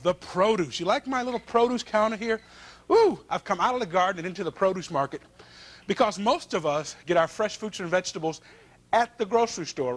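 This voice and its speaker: A middle-aged man, hosting a cooking show in a folksy, enthusiastic way and talking straight to viewers. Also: high voice. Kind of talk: upbeat cooking show presenting.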